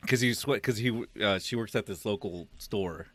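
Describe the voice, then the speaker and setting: A man's voice: lowish voice, moderate pace, a bit bright. A middle-aged man co-hosting a podcast, chatting casually, rambling and laughing often with easy swearing. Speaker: podcast co-host. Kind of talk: casual chat.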